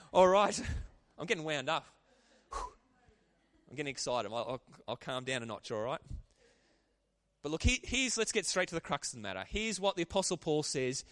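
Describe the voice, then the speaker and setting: Animated male preacher, dry close sound. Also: mid-range voice, no echo. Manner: animated, calls for responses from the congregation. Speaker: pastor. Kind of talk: sermon.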